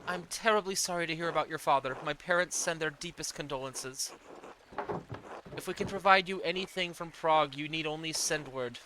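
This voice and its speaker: A man's voice: fairly high pitch, fairly quick, background noise, lightly acted. Man reading as an earnest young woman. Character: earnest young woman writing a kind letter.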